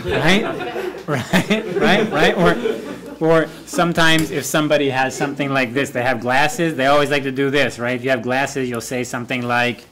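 A man's voice: a little high, moderate pace, a bit bright. A man teaching a university English class, repeating key words aloud and joking with students. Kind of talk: classroom lecture.

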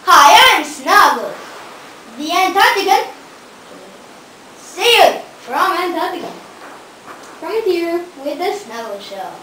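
A goofy, vain seal hostess, as a young woman puts her on, squeaky and very high, bright and sharp in tone. She talks slowly and hams up every line, delighted with her own jokes. She sounds a little off-mic, in an echoey room with faint hiss. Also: sing-song, distant mic, heavily acted. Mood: cheery. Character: goofy vain female seal show host. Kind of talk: homemade comedy sketch.

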